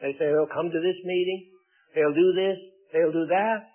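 A man's voice: high voice, steady tone, normal speed, soft background music. A man preaching a sermon, emphatic and repeating words for stress. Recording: tinny phone-like sermon recording.

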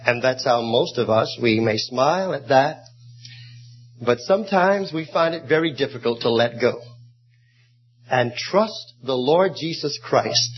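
A man preaching an evening sermon who reads scripture in a measured, archaic cadence and tells illustrative stories. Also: fairly high pitch, slight background noise. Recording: muffled lo-fi recording.

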